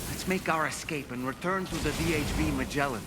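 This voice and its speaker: An actor playing a calm male mission operator giving instructions in a game. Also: a little high, a little fast, heavy background noise, natural voice. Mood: instructive.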